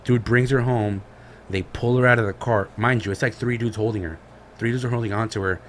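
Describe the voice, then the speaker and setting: A man with a lowish voice talks briskly while retelling a story on the podcast he co-hosts, animated, slangy, and profane. A faint hiss or hum sits under the recording.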